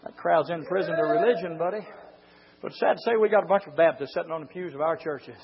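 A man preaching a fiery sermon, swinging from low, close talk to drawn-out shouted lines. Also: muffled recording, a crowd in the background. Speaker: pastor.

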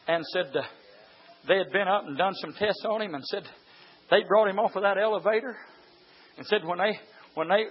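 A man preaching a fiery sermon, moving from quiet storytelling to high shouted exhortation. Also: slight background noise. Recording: dull lo-fi church recording.

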